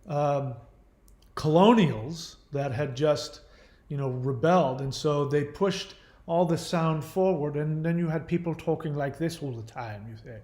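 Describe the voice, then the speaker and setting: Man, channel host, casual rambling chat, slightly high voice, roomy echo. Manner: rambling, trivia-filled, with many fillers and self-corrections. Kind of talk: casual live-stream chat.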